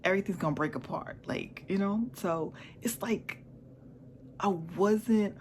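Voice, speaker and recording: A woman's voice: mid-range voice, measured pace, darkish tone, a little hiss or hum. A woman vlogger candidly telling a personal story in a chatty, repetitive way. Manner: candid, chatty, repeats herself.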